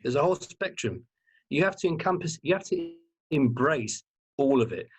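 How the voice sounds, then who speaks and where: A man being interviewed as a guest, telling his personal story in an animated, candid way and swearing freely. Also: on the high side, normal speed, breathy edge. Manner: animated, earnest, swears freely and repeats words for emphasis.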